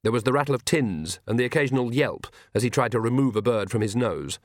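A man's voice: mid-range voice, quick pace, no echo. Man reading a story, dry close sound. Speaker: narrator. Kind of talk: scripted audiobook narration.

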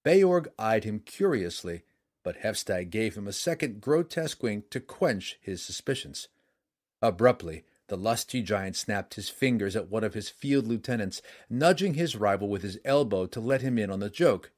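A man narrating a fantasy story as an audiobook, in a measured, dramatic reading. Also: fairly low pitch, lively intonation.

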